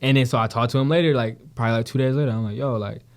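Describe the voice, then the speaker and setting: A man's voice: medium pitch, steady tone, racing, smooth. A young man from Detroit telling stories in slangy, profane casual talk, full of "you know what I'm saying.". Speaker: guest, actor. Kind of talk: casual conversation.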